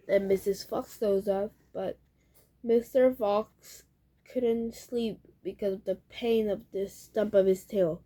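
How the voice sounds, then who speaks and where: A woman reading a children's book aloud, slowly and carefully, with occasional slips and restarts. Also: medium pitch, fairly even intonation, mellow. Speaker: reader.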